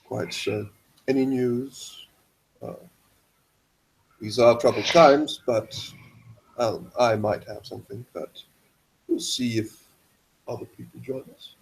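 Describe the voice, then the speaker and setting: A man's voice: medium pitch, steady tone, slow pace, gravelly, pauses often, a little hiss or hum, rough recording. A man voicing a gracious old-world host. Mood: guarded. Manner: welcoming, old-fashioned, gracious. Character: genteel male host of a secret meeting.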